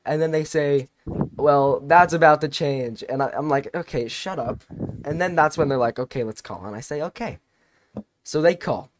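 A teenage man casually telling a long story on a podcast, rambling and animated, with many restarts. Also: fairly high pitch, moderate pace, a little hiss or hum. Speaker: podcast co-host.

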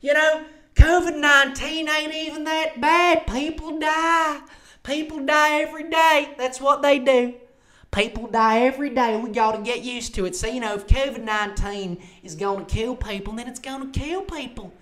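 A man's voice: extremely high pitch, fairly even intonation, normal speed, a bit bright, voice pushed up. A man doing a brash, defiant woman politician. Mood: mocking.

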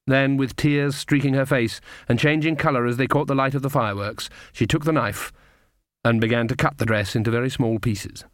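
An audiobook narrator, a man, reads a fantasy novel aloud in a measured, even storytelling style. His pitch is medium, and the scripted narration is captured with clean studio sound and no room echo.

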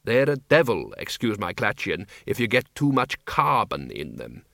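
A man puts on an earnest male dwarf gardener for an audiobook, slow and rambling. The voice is bright. The sound is dry and close. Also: lowish voice, huge pitch swings, creaky, no room sound, exaggerated voice.

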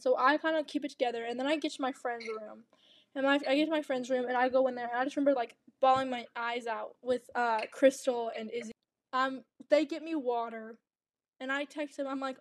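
Chatty high-voiced young woman, dry close sound. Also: steady tone, a little fast, dry recording. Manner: chatty, rambling storytelling with many restarts. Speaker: podcast co-host. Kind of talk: casual chat.

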